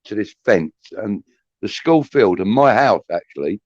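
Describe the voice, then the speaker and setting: A man's voice: on the low side, animated, measured pace, no echo. A man in his fifties from southeast England, telling rambling anecdotes in casual chat. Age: 50s. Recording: dry muffled lo-fi audio.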